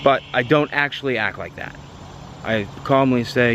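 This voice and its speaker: A man tells a personal story straight to the camera, chatty and excitable, full of "like" and restarts. His voice sits at an ordinary middle pitch, with a faint hiss of noise underneath. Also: moderate pace, dull audio. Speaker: car vlogger.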